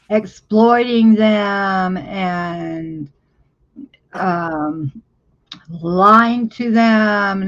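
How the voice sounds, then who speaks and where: Slow, hesitant American woman streamer. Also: mid-range voice, dull audio. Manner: slow, hesitant, many fillers, laughs often. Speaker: livestream host. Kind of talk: casual chat.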